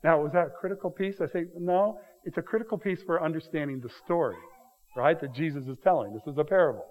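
A man with a slightly higher voice preaches through a scripture passage verse by verse. He keeps it conversational, often checking in with his listeners with quick rhetorical questions. He puts lively emphasis on the key points. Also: muffled recording. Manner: paraphrases the text with lively emphasis. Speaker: pastor. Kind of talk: expository sermon on scripture.

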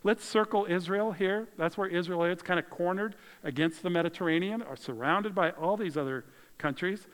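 A man preaching a conversational, animated sermon as pastor, swinging between loud emphasis and quiet asides. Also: high voice, moderate pace, big-room sound, rough recording. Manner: animated, conversational preaching with dramatic shifts in volume.

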